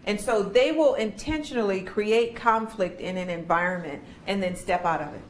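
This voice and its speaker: A woman's voice: medium pitch, normal speed. Woman trainer leading a workshop. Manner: animated, acts out kids' voices in stories. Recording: echoey room with faint noise.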